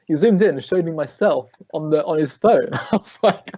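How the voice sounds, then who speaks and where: A man's voice: fairly high pitch, normal speed, mellow, no echo, muffled recording. Chatty English man telling stories. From England. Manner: chatty storyteller, frequent restarts, laughs often. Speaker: guest, ballet dancer. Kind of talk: remote interview conversation.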